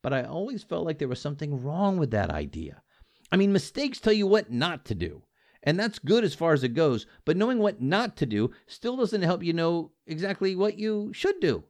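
A man's voice: fairly high pitch, very animated, normal speed, a little mellow, dry recording, clean studio sound. A man hosting a podcast, talking in an upbeat, encouraging and folksy way. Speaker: podcast host. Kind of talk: motivational interview chat.

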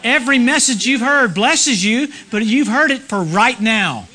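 A middle-aged man preaching a sermon at a church service, animated, swinging from loud exclamations to low murmurs. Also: measured pace. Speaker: guest preacher.

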